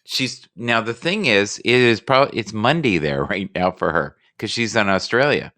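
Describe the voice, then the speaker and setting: A man's voice: on the low side, animated, moderate pace, bright, forceful tone, no room sound, clean studio sound. A man hosting a casual live stream, joking and rambling playfully with his guests.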